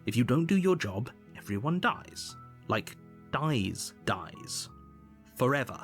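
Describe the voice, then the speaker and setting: Sardonic game narrator, pompous and theatrical, swinging pitch, middle register. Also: male voice, sing-song, takes it slowly, faint music behind. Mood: exasperated. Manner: dry, exasperated, theatrical. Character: smug, sardonic male storybook narrator.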